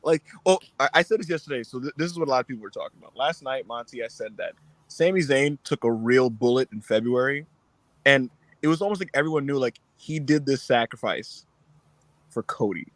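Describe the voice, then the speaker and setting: Animated man joking on a podcast. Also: mid-range voice, a little fast, no echo. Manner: animated, laughing, mimics people in voices. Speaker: podcast co-host. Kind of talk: casual chat.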